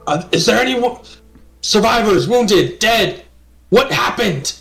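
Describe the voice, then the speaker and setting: A man's voice: high-pitched, lively intonation, a little slow, gravelly, fairly bright tone, faint music behind, pitched above the performer's own voice, full character voice. A man voicing a large, stern bear-folk woman who leads the guards, barking orders. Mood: commanding.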